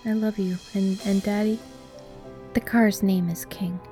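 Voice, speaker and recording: A woman voicing a grieving young daughter who speaks softly to her late father in an audiobook story. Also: medium pitch, steady tone, unhurried, soft background music, pitched above the performer's own voice, close to an everyday voice. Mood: tearful.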